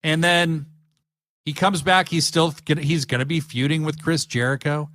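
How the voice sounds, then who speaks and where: A man's voice: a little high, fairly even intonation, normal speed, fairly bright tone, no echo, clean studio sound. A man hosting a podcast, chatting eagerly and rambling with lots of fillers. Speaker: podcast host. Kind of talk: casual chat.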